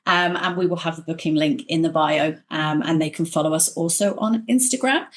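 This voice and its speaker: A middle-aged woman hosting a podcast, chatting warmly and acting out quoted voices as she tells stories. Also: sits low, a little fast. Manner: animated storyteller, acts out quoted voices. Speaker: podcast host. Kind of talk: casual conversation.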